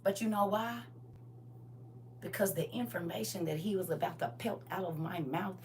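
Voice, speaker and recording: A woman giving an impassioned testimony, swinging between shouting and low intense talk with lots of emphatic repetition. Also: normal speed, recorded from a distance, slight background noise.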